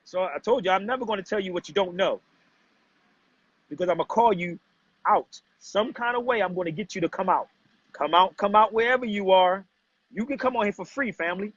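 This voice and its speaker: A man's voice: high-pitched, brisk, husky, no echo. A man hosting a casual livestream, lecturing his viewers and calling out a commenter in a preachy, confrontational way. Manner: preachy, confrontational, addresses chat as family. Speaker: livestream host. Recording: dull, muffled lo-fi livestream audio.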